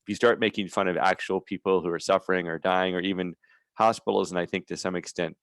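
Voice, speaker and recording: A man with a very deep voice speaks as a guest on a video-call panel. The sound is dry and close, and he talks in a measured, thoughtful way with small pauses and "ums". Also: steady tone, dry recording. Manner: thoughtful, measured, slightly hesitant. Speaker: panel guest, former late-night comedy writer. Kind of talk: conversational panel discussion.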